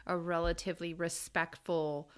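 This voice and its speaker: A woman's voice: lowish voice, little pitch movement, normal speed, clean tone. A woman co-hosting a casual podcast, chatty and self-deprecating, laughing often as she walks through her research. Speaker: podcast co-host presenting the episode research.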